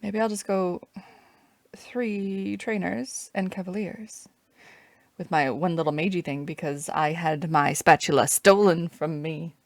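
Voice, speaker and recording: Gravelly-voiced Canadian woman streaming games. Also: lowish voice, a little slow, a little mellow, no echo. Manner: chatty, rambling, wry asides. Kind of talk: casual game stream commentary.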